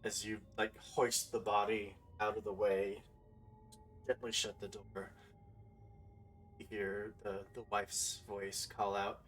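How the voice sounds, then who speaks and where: A man with a fairly low voice narrates a tabletop horror game as its game master. He speaks hesitantly, full of fillers, and sounds a little distant from the microphone. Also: flat delivery, slow pace, pauses often, fairly bright tone, faint music behind.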